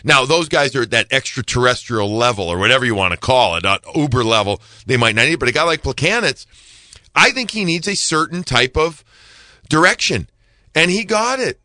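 A man's voice: mid-range voice, expressive, fairly quick, bright, forceful tone, no echo. A man giving hockey analysis on a podcast, emphatic and repeating himself to stress a point. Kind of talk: podcast sports talk.

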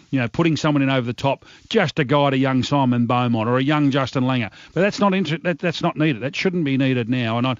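An Australian man giving a radio sports segment, talking in animated, exasperated bursts. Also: medium pitch, no echo, highs cut off. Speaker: sports commentator.

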